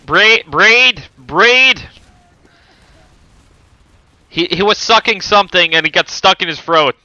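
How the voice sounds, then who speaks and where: A man's voice: sits high, fairly quick, bright, forceful tone, dry recording, lo-fi sound. A man streaming a game and chatting casually with a friend, laughing often as he talks. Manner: giggly, laughs often while talking. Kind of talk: casual gaming chat with a friend.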